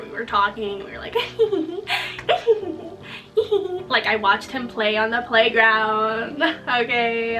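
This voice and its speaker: A woman's voice: fairly high pitch, bright, forceful tone, distant mic, low-quality recording. A young woman vlogger telling a story from her childhood in a chatty, joking way, often tagging lines with "okay?". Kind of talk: casual storytelling to viewers.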